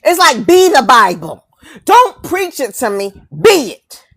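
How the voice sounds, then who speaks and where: A woman's voice: high-pitched, very animated, a little slow, a bit bright. A woman delivering a confrontational, preachy rant to camera, mocking her targets and firing off rhetorical questions and repeated lines.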